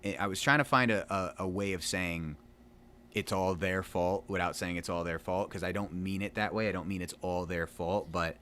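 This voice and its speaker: While gaming at home, a man of about thirty keeps up a loose, rambling chat, making fun of himself and using lots of fillers for his vlog. He has a low voice with a fairly bright tone at a moderate pace, and there's a little hiss or hum.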